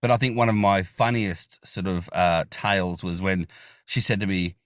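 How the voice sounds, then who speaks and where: A man's voice: low voice, moderate pace, clean tone, no room sound, clean studio sound. A man with an Australian accent, a podcast guest telling stories in a playful, chatty way and laughing often. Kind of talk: casual conversation.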